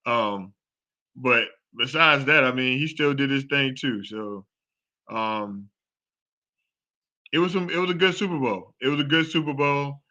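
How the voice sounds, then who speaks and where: A man hosting a live sports talk show, chatting casually and excitedly, repeating himself as he rambles. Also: mid-range voice, unhurried, pauses often, lo-fi sound. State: out of breath. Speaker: show host.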